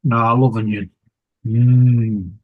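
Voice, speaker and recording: A man with a British accent chatting on a livestream, dry and teasing in an unhurried way. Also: mid-range voice, fairly even intonation, dry recording, phone-quality sound. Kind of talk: casual livestream chat.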